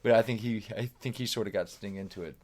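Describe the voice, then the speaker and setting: A man's voice: fairly low pitch, fast, darkish tone. Rambling, swearing man telling stories. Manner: rambling, profane, self-deprecating storytelling. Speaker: guest. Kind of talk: casual chat.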